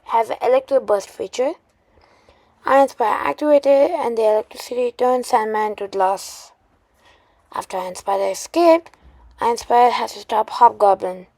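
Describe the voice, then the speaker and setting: A woman retelling a made-up superhero story, halting often with restarts and fillers. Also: fairly high pitch, darkish tone, no room sound.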